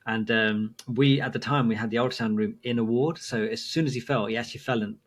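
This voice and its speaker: Guy on a podcast, husky voice, talks fast and rambles, lots of restarts. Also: medium pitch, fairly even intonation. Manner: rambling anecdotes, many restarts, laughs at own stories. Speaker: podcast co-host, medic. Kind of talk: casual chat.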